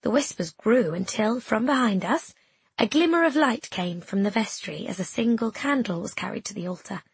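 A woman reads a story aloud in a gentle, measured way, like an audiobook. Her voice is husky and breathy, and the sound is dry and close. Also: mid-range voice, animated, no echo. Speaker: narrator. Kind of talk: scripted audiobook narration.

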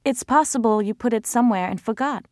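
A young pregnant wife, as a female narrator plays her, defensive and clipped, with a voice that climbs high above the narrator's usual low tone. The delivery is strained and held tight. It is recorded close and dry. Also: fast, no room sound, lightly acted. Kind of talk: audiobook character voice.

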